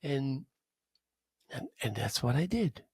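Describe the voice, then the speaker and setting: A man hosting a talk show, telling a story in a casual monologue with animated delivery and spoken drum sounds. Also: mid-range voice, takes it slowly, breathy edge, no echo.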